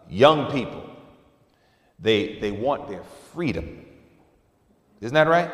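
Male preacher, animated, slightly high voice, reverberant hall. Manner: animated, drops to a low hush for emphasis. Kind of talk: sermon. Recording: echoey hall, mic at a distance.

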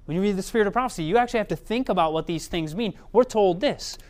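Smooth-voiced male preacher. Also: sits high, expressive, fast, few pauses, darkish tone. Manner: conversational, checks in with the audience often. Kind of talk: sermon.

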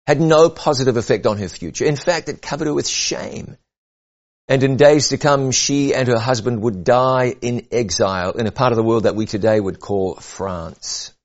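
Earnest male preacher, lo-fi sound. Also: mid-range voice. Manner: earnest, measured, rising and falling for emphasis. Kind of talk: sermon.

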